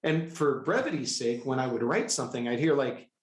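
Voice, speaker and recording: A middle-aged man telling a personal story with excitable, animated energy, often breaking into quoted dialogue. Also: medium pitch, brisk. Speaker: guest, healer. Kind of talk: storytelling in a conversational interview. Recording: echoey room.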